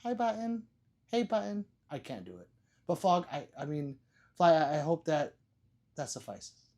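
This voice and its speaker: A man's voice: on the high side, big pitch swings, moderate pace, darkish tone. A man hosting a casual livestream, reading viewers' chat messages aloud, joking, laughing and swearing freely. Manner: loose and profane. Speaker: livestream host.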